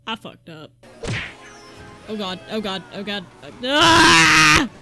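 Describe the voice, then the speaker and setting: A woman giving excitable gameplay commentary, yelping and cracking crude jokes. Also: mid-range voice, measured pace, over music. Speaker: gaming YouTuber.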